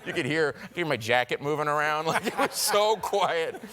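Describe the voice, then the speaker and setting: A man, a talk show guest, telling animated anecdotes with frequent laughter in casual chat. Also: fairly high pitch, moderate pace, slight background noise. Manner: animated storyteller, laughing often, slips into acted voices.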